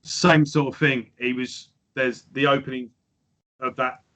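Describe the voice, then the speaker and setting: A man with a bright, forceful voice co-hosts a relaxed music podcast. He tells stories with lively energy and drops swear words freely. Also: mid-range voice, unhurried. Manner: animated storyteller who swears freely. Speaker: podcast co-host. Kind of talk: casual chat about music.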